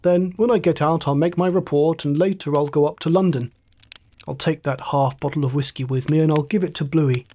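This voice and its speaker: A man's voice: fairly high pitch, a little fast, dark tone, natural voice. A man voicing a wounded young fighter pilot thinking aloud, in a light, musing inner monologue. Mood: dazed cheer.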